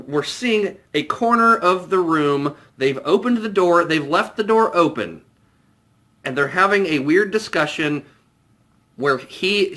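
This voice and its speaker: A man's voice: a little high, pushed and bright. A young man giving a comedic spoiler review of a film, incredulous and mocking, often breaking into laughter. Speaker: movie reviewer.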